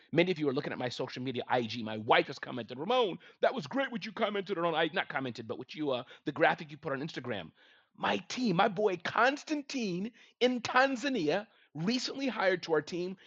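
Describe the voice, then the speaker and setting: A middle-aged man giving business advice in an energetic, emphatic motivational talk. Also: medium pitch, breathy edge. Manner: energetic, emphatic, lively delivery. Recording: dull lo-fi sound.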